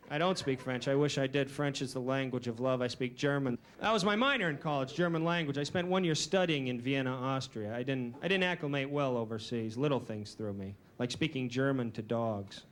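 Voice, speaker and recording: A man doing a stand-up comedy routine with a dry, deadpan, self-deprecating delivery. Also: on the high side, a little fast. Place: comedy stage before a live audience. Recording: noisy early 1990s VHS recording.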